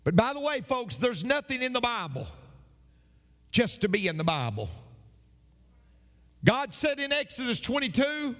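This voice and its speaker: A male pastor delivering an emphatic sermon, with dramatic pauses and repeated phrases. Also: extremely high pitch, very animated, fairly bright tone, long reverb tail.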